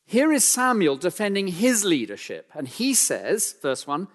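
A man preaching a sermon in an emphatic style, climbing in pitch and force for key points, then dropping low and quiet, with dry self-deprecating asides. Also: big pitch swings, normal speed, hardly any pauses, long reverb tail.

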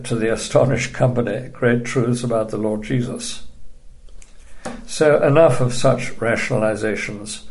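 A man with a medium-pitched, darkish voice teaches a recorded Bible study lecture. His delivery is measured and emphatic, and he's dryly dismissive of opposing views.

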